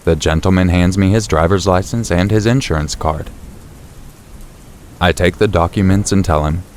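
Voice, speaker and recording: A man narrating a true scary story in the first person, in a steady, low-key storytelling voice. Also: moderate pace, a little hiss or hum. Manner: steady, low-key storytelling, rising sharply for shouted quotes. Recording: faint rain and thunder behind.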